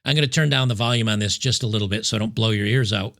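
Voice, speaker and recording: A man hosting political commentary, reacting to news clips in an emphatic, sarcastic way and repeating key points slowly. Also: lowish voice, creaky, heavy background noise.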